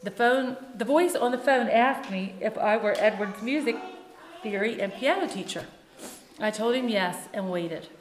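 A woman who teaches music, reading her own first-person story in a measured, earnest way. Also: on the high side, a little hiss or hum. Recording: echoey room with long reverb.

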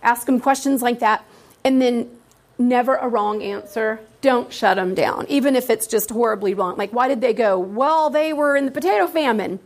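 A middle-aged woman teacher giving an informal workshop talk to fellow teachers. Her voice sits somewhat high. She talks in a lively, easy way and slips into little voices as she acts out her students' answers. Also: moderate pace.

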